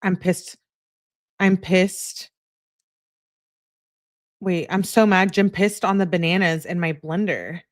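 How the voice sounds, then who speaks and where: A woman's voice: on the low side, steady tone, slow, pauses often. A woman hosting a true crime channel, reading text messages aloud in an easygoing way and chatting to her viewers between them.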